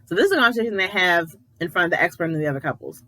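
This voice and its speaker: Chatty woman recapping with a bright edge. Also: fairly low pitch, lively intonation, rapid-fire, no room sound, rough recording. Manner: chatty, opinionated, retells scenes with quoted voices. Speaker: reality show recap youtuber; editor. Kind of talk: casual recap commentary.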